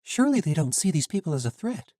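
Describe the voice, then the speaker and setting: Bold young heroine, defiant and forceful, read by a man in a raised voice. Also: on the high side, big pitch swings, fast talker, no echo, studio quality, pitched above the performer's own voice. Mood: questioning.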